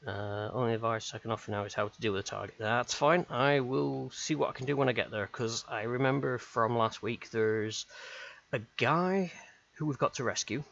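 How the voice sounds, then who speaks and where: A man's voice: mid-range voice, moderate pace, gravelly, a bit bright, dull audio. A man chatting live as a game streamer, rambling and self-deprecating. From United Kingdom. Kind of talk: live gaming stream chat.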